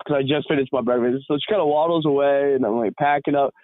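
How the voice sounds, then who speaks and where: A man co-hosting a podcast, telling a rambling, animated story full of fillers and laughs. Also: on the high side, quick pace, no room sound. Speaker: podcast co-host. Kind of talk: casual storytelling chat. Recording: dry, tinny phone-like sound.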